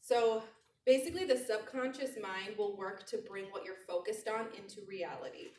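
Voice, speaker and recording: A woman sales trainer gives a motivational talk to a live audience, coaching the room with animation and slowly repeating key phrases. She holds a handheld mic away from her mouth, so the sound is roomy and distant, and her medium-pitched voice comes with slight background noise.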